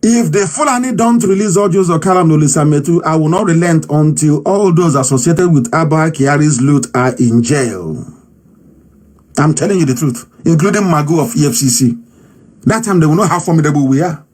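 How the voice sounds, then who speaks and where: A man with a Nigerian accent giving a fiery, defiant political broadcast speech, repeating phrases for emphasis and sometimes shouting. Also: a little high, fairly quick. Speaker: political movement leader giving a live address.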